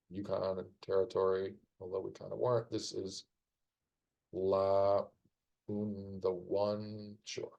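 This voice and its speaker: A low, gravelly-voiced man talks through puzzle clues on a live stream, muttering and musing out loud. His tone is mellow and dark, and he drifts into wry little asides as he goes. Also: rough recording. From United States. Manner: rambling, wry asides, thinking aloud. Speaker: streamer solving a crossword. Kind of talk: casual live-stream commentary while solving.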